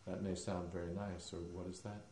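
A man's voice: sits low, little pitch movement, fairly quick, mellow, slight background noise. A man giving a devotional lecture, telling stories emphatically with some hesitant fillers. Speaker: spiritual teacher. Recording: roomy echoing hall.

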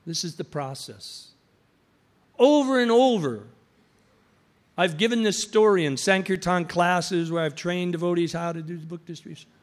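A man's voice: high voice, moderate pace. A man preaching an anecdotal sermon, telling stories and acting out the voices of the people in them. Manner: storytelling, acts out quoted voices.

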